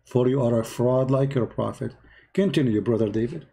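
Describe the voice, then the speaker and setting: A man's voice: mid-range voice, moderate pace, gravelly, mellow. A man giving heated, mocking commentary in broken English, scolding and repeating himself. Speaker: host reacting to a video.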